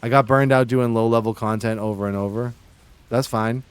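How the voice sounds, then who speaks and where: With a smooth, mid-range voice, brisk pace, and fairly even intonation, a Massachusetts man chats casually on his livestream. He leans into an over-the-top fake Boston-New York accent, joking and teasing the viewers.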